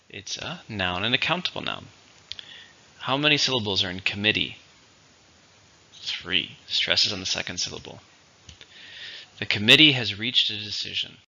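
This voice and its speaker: A man teaching English vocabulary in a slow, patient, explanatory way. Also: fairly low pitch, vocal fry, sharp tone. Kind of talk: vocabulary lesson. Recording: dull lo-fi recording.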